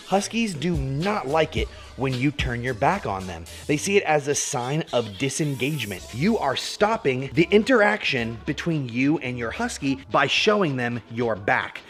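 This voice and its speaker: A man hosting an energetic, jokey dog-training video in a casual tutorial style. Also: mid-range voice, normal speed, faint music behind. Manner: animated, jokey, puts on goofy voices for the dogs.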